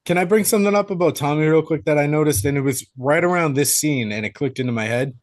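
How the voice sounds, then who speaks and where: A man's voice: on the high side, fast talker. A man co-hosting a podcast, chiming in bluntly with crude jokes during a casual movie chat. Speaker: podcast co-host.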